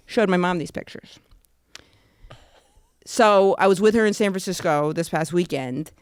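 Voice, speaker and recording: A woman guesting on a comedy podcast, chatting casually and telling animated stories. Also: fairly low pitch, a little slow, clear, resonant tone, no echo, clean studio sound. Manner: animated storyteller, acts out quoted voices.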